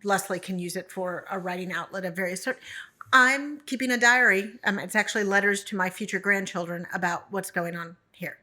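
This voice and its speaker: Bright chatty middle-aged woman host. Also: medium pitch, brisk. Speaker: podcast co-host. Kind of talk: casual chat.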